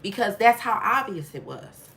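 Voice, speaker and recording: Woman host for a storytime stream, frank and emphatic, talks straight to the chat; mid pitch, slight background noise. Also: animated, moderate pace, fairly bright tone. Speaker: channel host. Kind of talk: storytime livestream.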